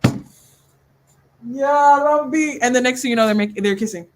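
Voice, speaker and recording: Animated young woman chatting about a book. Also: high-pitched, a little slow, slight background noise, rough recording. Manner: animated, laughs often, acts out scenes in voices. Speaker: book club livestream host. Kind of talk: casual chat.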